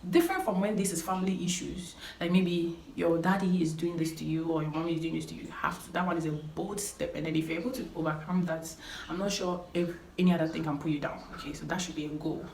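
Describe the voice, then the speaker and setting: Talking to camera, a young woman vlogger offers earnest, emphatic life advice and keeps repeating her main points. Her voice is lowish and darkish, fairly even in intonation, and she talks fast with few pauses. There's a roomy echo and faint background noise.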